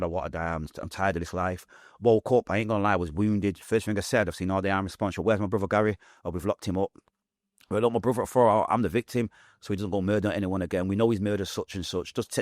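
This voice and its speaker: A young man with a broad Mancunian accent tells his story at a rapid clip, acting out voices as he goes. His voice sits fairly low. The sound is close and dry, with no room echo. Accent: Mancunian English. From Manchester, England. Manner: fast, vivid storytelling with acted-out quotes. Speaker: guest. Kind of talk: podcast interview storytelling.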